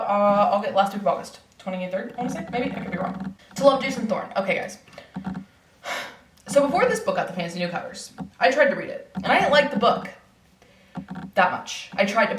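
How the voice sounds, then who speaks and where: A woman's voice: medium pitch, animated, a little fast, a bit bright. A woman book vlogger talking casually, with lots of fillers and self-corrections. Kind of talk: casual chat ranking books. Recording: echoey room, distant mic, faint noise.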